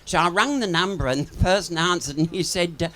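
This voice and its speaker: A man's voice: high-pitched, fairly quick, pushed and bright. A man doing live stand-up patter on a pub stage, chatty and bawdy, swearing freely and laughing at his own jokes. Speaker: pub comedian and singer.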